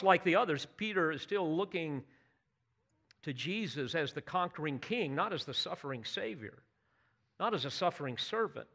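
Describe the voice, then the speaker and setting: A man's voice: on the high side, sharp tone. A man preaching a sermon, earnest and emphatic, building to bursts of intensity and putting direct questions to his listeners. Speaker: pastor.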